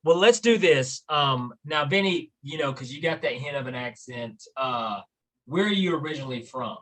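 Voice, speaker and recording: A man's voice: medium pitch, lively intonation, normal speed. A man hosting a podcast interview, folksy and hesitant with lots of fillers. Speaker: podcast host. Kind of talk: casual interview chat.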